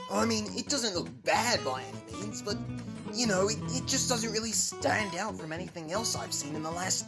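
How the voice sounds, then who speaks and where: A woman reviewing a film's animation in a hesitant, hedging way. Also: mid-range voice. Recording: loud guitar music behind.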